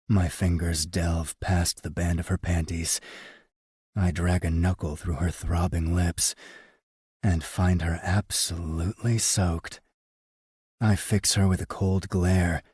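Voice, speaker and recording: A man narrating a first-person romance audiobook in an unhurried, intimate, deliberate way. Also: deep voice, fairly even intonation, a little mellow, breathy edge, no echo, studio quality.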